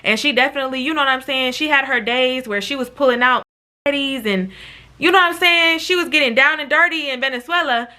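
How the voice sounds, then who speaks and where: Animated, bright-voiced woman telling a story. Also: high-pitched, quick pace. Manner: animated, dramatic, profane, addresses viewers as y'all. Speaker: YouTube storyteller. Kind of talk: casual storytime.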